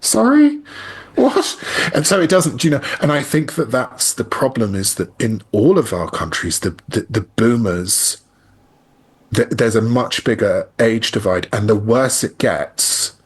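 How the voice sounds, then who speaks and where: A man, a guest in a conversational political discussion, talking in an animated way and slipping into quick mocking impressions. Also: lowish voice, breathy edge. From Ireland.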